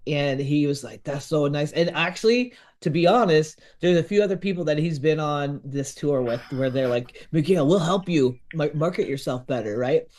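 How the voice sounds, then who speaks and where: A man with a slightly high voice tells a story with animated energy. He brings the people in it to life by acting out their lines, in easygoing podcast talk. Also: normal speed, hardly any pauses. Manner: lively, acts out quotes of others. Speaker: podcast host telling a story.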